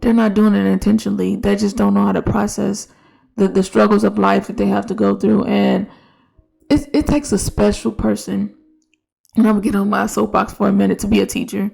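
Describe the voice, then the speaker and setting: Gravelly, flat-voiced woman podcaster. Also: medium pitch, fairly quick. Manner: conversational, with many restarts and quoted dialogue. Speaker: podcast host, elementary school teacher. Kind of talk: casual reflective monologue.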